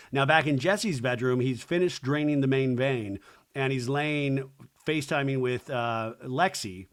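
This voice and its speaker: A man's voice: mid-range voice, moderate pace. A young adult man hosting a solo podcast, sarcastically recapping a reality show in casual chat, swearing freely and mocking people in exaggerated quoted voices.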